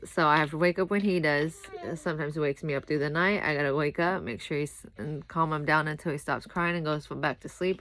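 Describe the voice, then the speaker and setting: A woman's voice: on the low side, fairly bright tone, no room sound. A young woman, talking casually to the camera in a rambling, tired way. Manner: rambling, chatty, breaks off to talk to her toddler. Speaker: vlogger.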